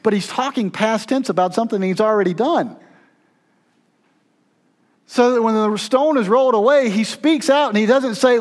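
Man, pastor, sermon, high-pitched voice, dramatic, loud then hushed. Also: expressive, normal speed. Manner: dramatic, swings between loud intensity and hushed near-whispers.

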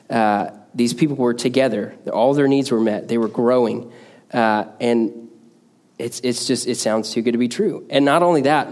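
Male preacher, middle pitch, relaxed conversational sermon delivery with frequent fillers.

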